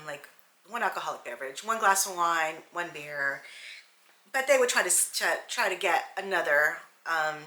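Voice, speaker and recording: A woman's voice: low voice, pushed and bright. A hairstylist woman casually telling candid, digressive stories about her salon clients. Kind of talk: casual storytelling vlog. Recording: roomy echo.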